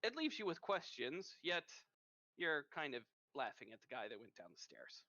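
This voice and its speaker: A Norwegian-accented man narrates a tabletop game as game master, animated and expressive. His voice is bright and lively in pitch. It is recorded dry on a dull, muffled mic. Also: moderate pace, no echo.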